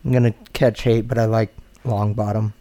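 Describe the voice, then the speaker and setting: A man's voice: fairly low pitch, level tone, moderate pace, dark tone. A man in casual podcast chat who laughs easily and gives blunt opinions. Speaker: podcast co-host.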